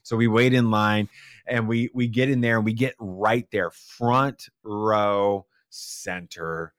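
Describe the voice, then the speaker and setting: Animated man telling a story. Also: lowish voice, takes it slowly, dry recording, clean studio sound. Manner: animated, acts out quotes with shifting voices. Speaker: podcast guest; father. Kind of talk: casual storytelling.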